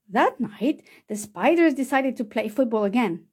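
Lively high woman reading a storybook. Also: moderate pace, breathy edge. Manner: lively, expressive voices for each character. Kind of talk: children's storybook read-aloud.

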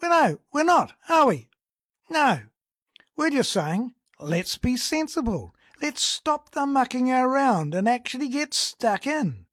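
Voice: sits high, big pitch swings, takes it slowly, fairly bright tone, no room sound, clean studio sound, voice pushed up, heavily acted. A speaker with a New Zealand accent voicing a stiff, earnest male political candidate who gives a folksy, blustering stump speech.

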